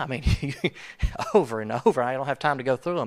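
A man preaching a sermon in a conversational, emphatic way, swinging from soft asides to loud urgency. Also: medium pitch, animated, moderate pace, long pauses. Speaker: pastor.

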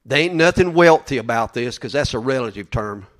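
A man's voice: medium pitch, lively intonation, brisk. Folksy preacher man. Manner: folksy, emphatic, repeats himself. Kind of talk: sermon.

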